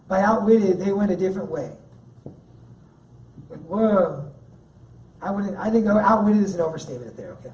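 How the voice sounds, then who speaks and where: A man's voice: sits high, lively intonation, moderate pace, long pauses, a little mellow, slight background noise. A man giving a sermon as guest speaker at a church, talking in a casual, joking way. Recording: echoey room, mic at a distance.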